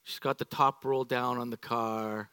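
A middle-aged man preaching a sermon to a congregation, animated and playful, acting out everyday examples. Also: medium pitch, unhurried, smooth, no room sound. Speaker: pastor. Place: church sanctuary.

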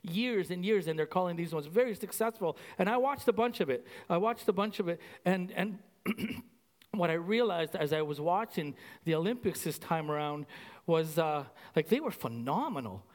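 High-voiced Canadian pastor, animated sermon. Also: male voice, normal speed, big-room sound. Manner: animated, conversational, repeats phrases with many "like"s.

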